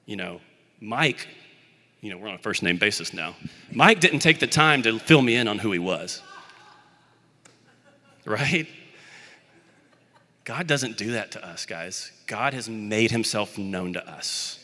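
A man's voice: on the low side, expressive, measured pace, long pauses, pushed and bright, long reverb tail. A young man from the Birmingham, Alabama area preaching a sermon in a conversational, self-deprecating way.

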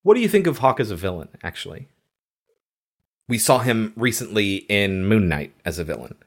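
A man hosting a casual podcast chat about a horror film, chatty and quick to laugh. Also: lowish voice, sing-song. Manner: conversational, quotes film lines, laughs easily. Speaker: podcast host.

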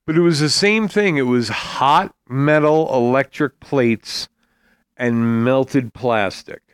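A man co-hosts a casual podcast, talking slowly and explaining with examples. His voice is smooth and even. The sound is dry and close, with no room around it. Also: medium pitch, dry recording. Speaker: podcast co-host. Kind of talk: casual chat.

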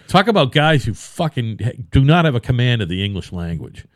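A man's voice: mid-range voice, sing-song, fairly quick, no room sound, studio quality. A man in his fifties with a Boston accent, swearing freely in blunt casual banter. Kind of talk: casual chat.

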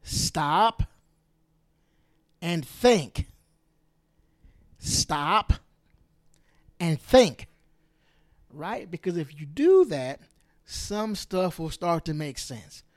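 Man, podcast host, political monologue, emphatic, repetitive, animated pitch. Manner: emphatic, repeats phrases for stress, swings between loud and hushed.

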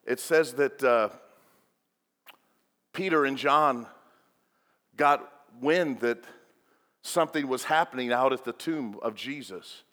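A man preaching a sermon as pastor, swinging between loud and hushed delivery. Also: medium pitch, slow pace, long pauses. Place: church sanctuary. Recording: long reverb of a large hall.

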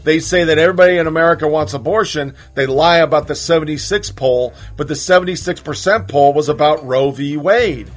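Man ranting as podcast host. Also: fairly high pitch. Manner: heated, profane, ranting. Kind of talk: political commentary.

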